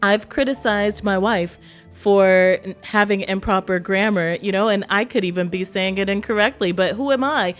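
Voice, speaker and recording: This East Texas vlogger talks casually to the camera at a moderate pace and medium pitch, with faint music in the background. Full of laughter and chatter, she voices quotes by imitating other people.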